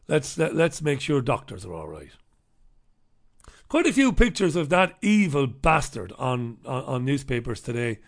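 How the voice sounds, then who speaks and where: A man's voice: medium pitch, vocal fry, a bit bright. A man hosting a talk show, delivering a sarcastic, combative monologue and reviewing the papers, swearing freely. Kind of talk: ranting monologue and newspaper review.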